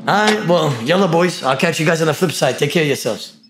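A young man from Brooklyn with a somewhat high voice, talking in brash, teasing street slang as he chats with strangers online. His trash talk comes quick and blunt. The sound is echoey, as if he is in a bare room. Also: expressive, background noise. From Brooklyn, New York. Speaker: streamer chatting with strangers. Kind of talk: casual video chat banter.

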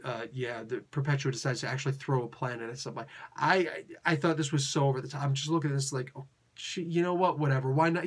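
A man hosting a casual comic book review, talking in an excitable, rambling, slangy way. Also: medium pitch, fast.

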